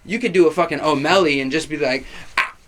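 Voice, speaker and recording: A young man telling a long, animated story in casual chat, swearing freely and acting out what people said. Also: on the high side, fast talker, noisy background. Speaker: guest.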